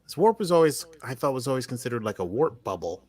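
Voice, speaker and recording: A man's voice: medium pitch, big pitch swings, fast talker, darkish tone. American guy on a podcast rambling about an episode, lots of uh and like. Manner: chatty, rambling, many fillers and restarts. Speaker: podcast co-host. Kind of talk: casual chat recapping a TV episode.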